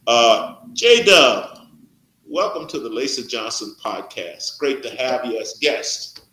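A man's voice: mid-range voice, very animated, slow pace, pushed and bright, echoey room, poor audio. An older man hosting a podcast, talking in a rambling, hesitant way with many fillers. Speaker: podcast host. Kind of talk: casual interview.

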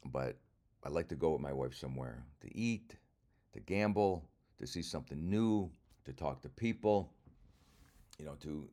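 A man's voice: very deep voice, animated, normal speed, dark tone. An older man, a comedian, talking through a casual rambling monologue in a wry, self-mocking way and swearing freely.

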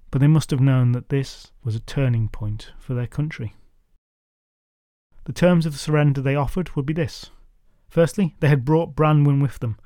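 Male podcast narrator, myth retelling, wry and chatty, mellow tone, dry close mic. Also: mid-range voice, no echo. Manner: wry, conversational, does character voices. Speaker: podcast storyteller.

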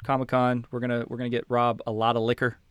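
A man's voice: medium pitch, monotone, fast, smooth, no room sound. A man in his thirties hosting a podcast in casual chat, laughing often, joking and swearing freely. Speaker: podcast host.

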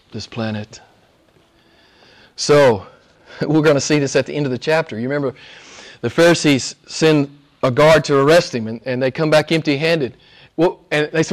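A man preaching an expository sermon, swinging from loud, soaring exclamations to hushed near-whispers and drawing key words out slowly for emphasis. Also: mid-range voice. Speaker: pastor.

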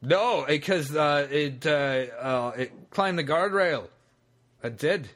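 A man's voice: on the high side, slow, a bit bright. A man putting on a bad Scottish accent to play a drunk Scotsman, rambling and stammering through a tall tale. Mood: rambling boastful. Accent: put-on Scottish. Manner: rambling, stammering, boastful storytelling.

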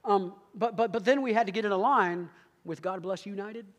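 A man telling a humorous story in a sermon, animated and quick, with asides to the audience. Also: high-pitched. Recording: long hall reverb.

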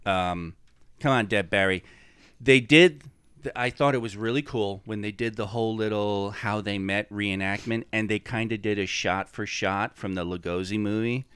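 Male podcast host, casual rambling chat, smooth clear voice, dry close mic. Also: on the low side, steady tone, normal speed, a bit bright, no room sound. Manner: rambling, profane, enthusiastic.

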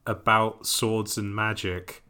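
A man's voice: lowish voice, little pitch movement, takes it slowly, pushed and bright, clean tone. A man co-hosting a podcast in casual chat, teasing his partner with dry, skeptical questions. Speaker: podcast co-host.

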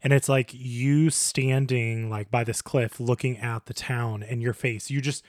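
A man's voice: mid-range voice, steady tone, measured pace, no room sound, clean studio sound. Friendly man prompting his co-host. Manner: engaged, prompting questions, laughing along. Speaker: podcast co-host. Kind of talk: casual chat.

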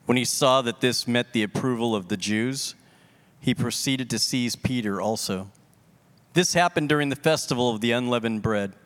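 Man with a mid-range voice giving a measured scripture reading in church. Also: mid-range voice, a bit bright. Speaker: scripture reader. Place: church sanctuary.

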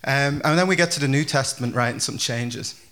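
Pastor, male, bright ringing tone, chatty loose delivery with lots of fillers. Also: mid-range voice, fast. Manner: chatty, animated, many fillers and restarts. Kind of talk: casual conversational sermon.

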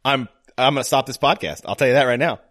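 A man's voice: medium pitch, fast talker, no echo, clean studio sound. A man in his forties hosting a casual movie podcast, joking and laughing as he talks. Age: 40s. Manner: animated, laughing, jokey. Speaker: podcast host.

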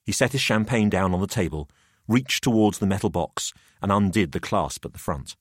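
A man's voice: on the low side, lively intonation, no echo, clean studio sound. A man reading a macabre story aloud as narrator. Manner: measured storytelling. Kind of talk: audiobook narration.

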